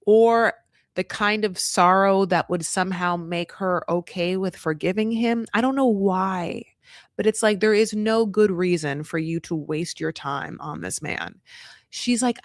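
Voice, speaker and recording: A man's voice: high-pitched, unhurried, no echo, studio quality. A man hosting a casual reality TV recap. He talks in a sassy, blunt way, swears freely and acts out other people's lines in a raised voice. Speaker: TV recap host.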